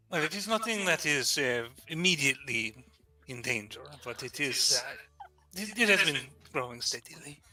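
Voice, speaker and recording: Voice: mid-range voice, animated, measured pace, pushed and bright, faint music behind. A player in a tabletop game, speaking hesitantly with many fillers. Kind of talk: casual tabletop play.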